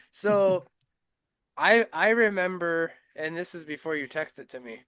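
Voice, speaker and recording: A man's voice: high-pitched, slow, a bit bright, clear, resonant tone. A man hosting a podcast, chatting casually with a friendly manner and some stumbling repeats. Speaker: podcast host. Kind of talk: casual chat.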